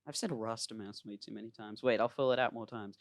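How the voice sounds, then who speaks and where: Young male podcast host, rambling and animated, very dry close mic over voice chat. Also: lowish voice, fast talker, dry recording. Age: young adult. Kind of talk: casual chat. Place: home, remote call. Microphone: computer mic over voice chat.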